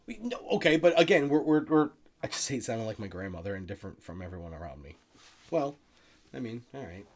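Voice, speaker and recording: A man co-hosting a comedy podcast, teasing and prodding his partner and quick to laugh. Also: medium pitch, sing-song. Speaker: podcast co-host. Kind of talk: comedic casual chat.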